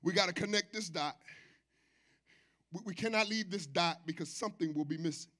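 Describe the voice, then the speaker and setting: Man, pastor, preaching in a church, high and bright voice, call-and-response, soft to shouting. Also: brisk. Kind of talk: sermon. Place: church sanctuary.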